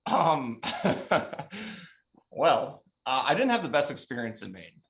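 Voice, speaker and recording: A man's voice: mid-range voice, big pitch swings, takes it slowly, a bit bright. A man in his thirties from the Chicago suburbs, a former hockey goalie, telling stories in a casual, profane podcast chat and laughing often. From Chicago south suburbs, USA.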